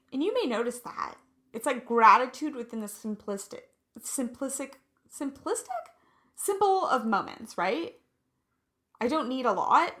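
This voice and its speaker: Woman, 30s, vlogger; raised pitch, unhurried, candid and emotional delivery. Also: a bit bright. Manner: emotional, candid, drawn-out and reflective. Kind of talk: personal confessional vlog.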